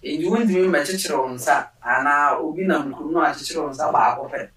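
A man, a guest on a health talk show, explaining in a measured way. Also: a little high, a bit bright. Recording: roomy, distant mic.

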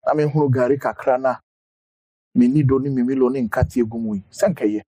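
A man with a husky, dark voice who keeps the chat going with questions and short agreements. His pitch is middling and the sound is dry and close. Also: fairly quick, no room sound. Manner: asks follow-up questions and backchannels often. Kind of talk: casual health chat.

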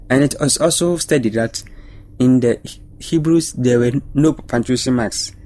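A man speaking on a faith panel, explaining scripture in a measured, teacherly way. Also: mid-range voice, darkish tone. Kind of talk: panel discussion on Bible study.

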